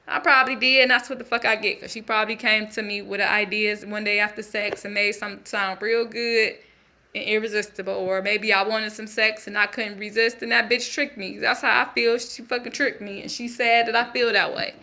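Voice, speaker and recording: A woman's voice: mid-range voice, flat delivery, a little fast, sharp tone. Woman voicing a profane, scheming stepfather. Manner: profane, ranting street talk. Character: bitter racist scheming stepfather, a middle-aged male truck driver. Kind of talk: channeled monologue in character.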